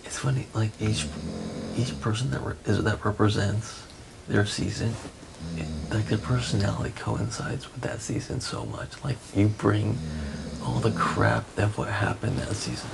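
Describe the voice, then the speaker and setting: Very gravelly low man, musing. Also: steady tone. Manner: musing, halting. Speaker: reality show houseguest. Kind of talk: late-night casual chat. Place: shared bedroom at night. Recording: hissy live-feed audio.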